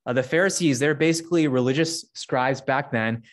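Casual young man preaching a sermon. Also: brisk. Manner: conversational, many fillers, acts out characters with rising pitch. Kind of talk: casual sermon with Bible reading.

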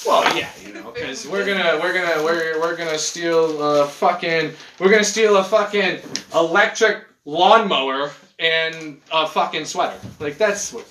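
A man hosting a casual podcast from his couch, ranting in a profane, animated way. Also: fairly high pitch, unhurried, slight background noise. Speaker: podcast host. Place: living room at home, on a couch. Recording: echoey room.

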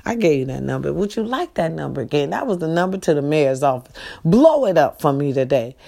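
Speaking low and dark with a creaky edge, this middle-aged woman is very animated and talks a little fast. She's a vlogger making a casual direct-to-camera appeal to her followers, emphatic and repetitive, alternately preachy and pleading, addressing them as "baby" and "y'all."

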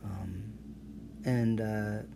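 A man's voice: fairly low pitch, steady tone, extremely slow, vocal fry, noisy background. A man hosting his own podcast alone, rambling in a profane, sarcastic rant. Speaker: podcast host.

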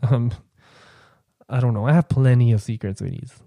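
A man's voice: fairly even intonation, moderate pace, dry recording. Campy, chatty young man podcaster. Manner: chatty, campy, playful asides to listeners; drops into a low, quiet "sweetie" aside. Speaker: podcast host. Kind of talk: casual solo podcast chat.

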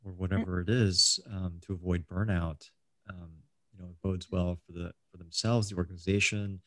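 A man's voice: sits low, little pitch movement, moderate pace, fairly bright tone, no echo, studio quality. A middle-aged man hosting a casual interview, rambling with many ums and restarts. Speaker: host.

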